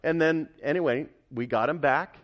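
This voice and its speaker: A middle-aged man preaching a sermon as pastor, emphatic and building to loud repeated declarations. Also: on the high side, moderate pace, highs cut off.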